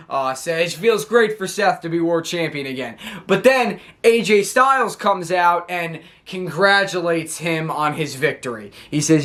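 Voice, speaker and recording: A man's voice: high voice, a bit bright. A man from the United States casually recapping a wrestling show, rambling and stammering with frequent laughs.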